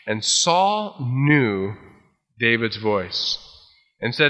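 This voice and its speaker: Male preacher, reading scripture then retelling it animatedly, bright forceful voice, long reverb. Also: medium pitch, a little slow, lo-fi sound. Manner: reads scripture aloud, then retells it with lively acted-out voices. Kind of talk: expository Bible teaching.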